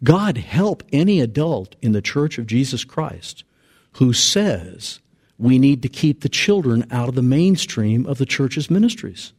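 A man preaching a sermon as pastor, animated and acting out quoted voices. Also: a little slow, breathy edge. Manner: animated, acts out quoted voices with big pitch jumps. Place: church sanctuary.

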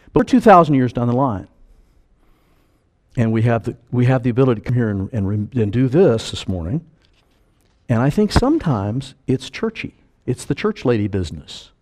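An older man preaching a sermon as pastor, animated, acting out the voices of the people he quotes. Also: medium pitch.

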